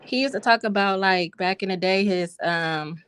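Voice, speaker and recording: A woman's voice: mid-range voice, normal speed, a bit bright, smooth, dry recording, clean studio sound. A woman calling in to a talk show, speaking casually with hesitant fillers. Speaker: caller. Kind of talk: casual opinionated chat.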